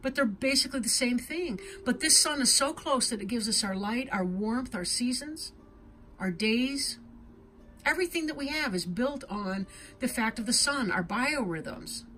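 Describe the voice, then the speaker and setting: A woman with a highish, sharp voice and lively intonation gives her viewers an intuitive tarot reading at normal speed. She's earnest and emotional, speaking from the heart and often checking in with "right?"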